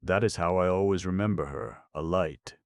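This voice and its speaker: A man reading an audiobook narration in a measured, lyrical way. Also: deep voice, no echo, studio quality. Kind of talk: scripted narration.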